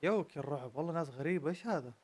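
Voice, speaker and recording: A man reacting to a video with quick, casual interjections. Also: a little high, lively intonation, a little mellow, breathy edge. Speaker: reaction streamer.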